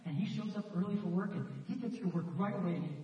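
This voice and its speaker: A man's voice: high voice, quick pace. A man preaching a sermon as a pastor, telling stories in a conversational way and acting out the quotes. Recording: echoey hall, distant mic, dull sound.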